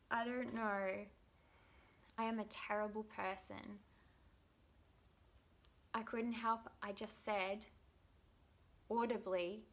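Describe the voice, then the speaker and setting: A woman, chatting casually to camera and telling self-deprecating stories with acted-out quotes. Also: fairly high pitch. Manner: self-deprecating storytelling, lively, acts out quotes. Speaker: vlogger.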